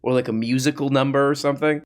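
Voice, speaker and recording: A man's voice: medium pitch, fairly even intonation, fast. A man hosting a comedy podcast, riffing mockingly on social media posts with sarcastic asides. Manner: mocking, with sarcastic put-on voices. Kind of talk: riffing commentary.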